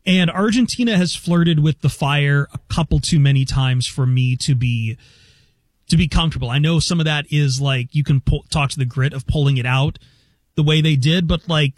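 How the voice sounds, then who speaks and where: A man arguing about soccer on a sports radio panel, animated and often restarting his sentences. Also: medium pitch, dry recording. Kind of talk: sports debate talk.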